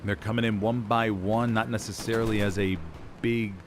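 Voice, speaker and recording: A man's voice: lowish voice, level tone, normal speed, noisy background. A man casting a competitive war game live, chatty and self-deprecating as he talks to his stream chat. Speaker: esports caster. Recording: gunfire and game sounds behind voice. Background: war game battle sounds, artillery and gunfire.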